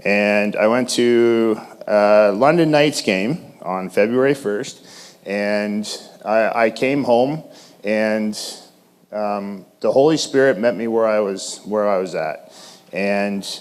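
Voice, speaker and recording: A man giving a personal testimony in church, shy and halting, with many restarts and fillers. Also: on the low side. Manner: self-described shy. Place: church in front of congregation.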